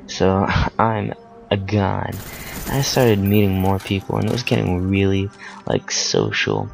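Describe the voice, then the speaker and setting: A man's voice: sits low, expressive, measured pace, gravelly, soft background music. A teenage boy casually telling a personal story, rambling with lots of fillers and self-corrections. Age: teens.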